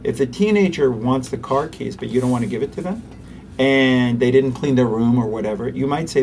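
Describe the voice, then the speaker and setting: A man, a pediatrician, giving an interview and explaining parenting techniques in an animated way, acting out parents and kids. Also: medium pitch, a little fast, recorded from a distance, slight background noise. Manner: animated, acts out parents and children.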